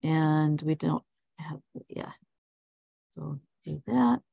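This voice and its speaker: Slow gravelly woman teaching on a call. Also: sits low, lively intonation, warm tone, dry recording. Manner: hesitant, many ums and restarts, friendly questions. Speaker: English teacher. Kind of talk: casual online class talk. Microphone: video call.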